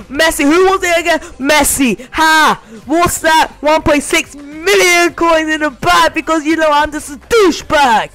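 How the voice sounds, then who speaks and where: A man with a very high, bright voice films his own reaction while opening a game pack. He yells and rambles in disbelief. Faint music plays behind him. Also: normal speed, hardly any pauses.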